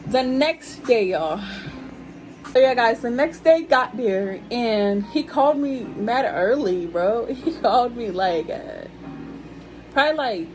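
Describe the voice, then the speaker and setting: Over some background noise, a young woman vlogger in her young adult years chats casually about her life in storytime fashion, addressing her viewers as y'all. Her pitch is fairly high.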